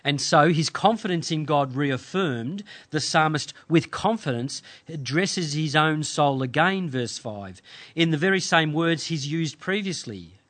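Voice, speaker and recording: A man delivering a sermon in a slightly higher-pitched voice. He speaks in measured, earnest phrases, pausing often to let scripture sink in. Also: animated, fairly bright tone. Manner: measured, earnest preaching with dramatic pauses. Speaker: pastor.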